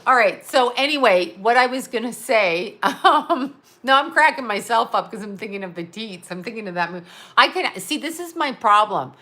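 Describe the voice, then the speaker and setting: A middle-aged woman talks straight to camera in a blunt, foul-mouthed rant that wanders from point to point. She keeps cracking herself up along the way. Her voice sits a little high and rings very bright. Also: expressive, normal speed. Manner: crude, rambling, laughing at her own jokes. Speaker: vlogger. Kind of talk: blunt profane monologue.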